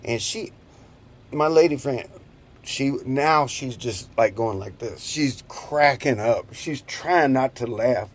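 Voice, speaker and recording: A man's voice: mid-range voice, slow pace. A man in his fifties telling a rambling story in a casual way, chuckling as he goes. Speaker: vlogger.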